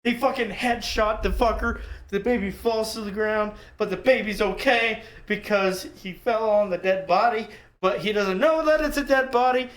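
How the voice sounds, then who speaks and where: A podcast co-host trading deadpan quips and swearing freely in casual chat. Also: medium pitch, moderate pace, few pauses. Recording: roomy echo.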